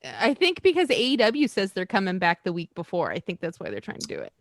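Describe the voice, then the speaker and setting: A woman's voice: medium pitch, huge pitch swings, fast talker, no echo. A woman co-hosting a podcast in casual, rambling chat, laughing often. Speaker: podcast co-host.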